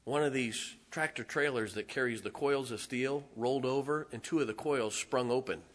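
A middle-aged man preaching a sermon as pastor, telling humorous personal stories in a folksy way and swinging between quiet asides and loud emphatic lines. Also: medium pitch, normal speed.

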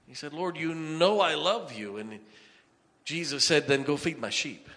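A man's voice: a little high, moderate pace, sharp tone. A male pastor preaching a sermon in a folksy storytelling manner, acting out the voices of the people in his story. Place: church sanctuary. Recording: long reverb of a church hall.

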